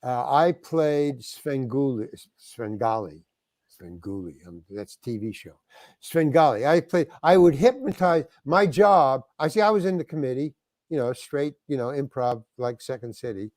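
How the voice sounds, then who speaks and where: A man's voice: mid-range voice, lively intonation, moderate pace, a little mellow, no echo. An older man from New York, a guest actor telling stories in a rambling way, full of restarts and acted-out lines from other people. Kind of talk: casual interview storytelling.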